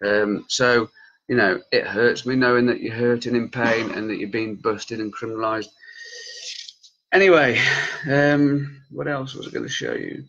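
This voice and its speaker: Passionate man with a forceful voice. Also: mid-range voice, moderate pace, highs cut off. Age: late 30s. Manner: passionate, heated, talks straight to viewers. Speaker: cannabis campaigner and group leader. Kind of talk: vlog commentary reacting to news.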